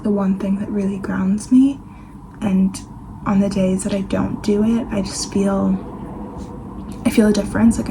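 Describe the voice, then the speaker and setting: This vlogger has a creaky, mid-range voice and talks softly at home, at times half-whispering as she rambles full of fillers through the kitchen and her getting-ready routine. Poor audio carries slight background noise and noticeable room ambience.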